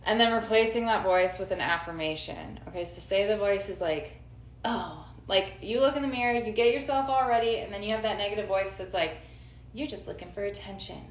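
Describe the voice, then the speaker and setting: A woman's voice: medium pitch, a little fast, hardly any pauses. A woman in her forties giving casual self-help advice, emphatic, repeating key phrases and checking for agreement. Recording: roomy sound with faint noise.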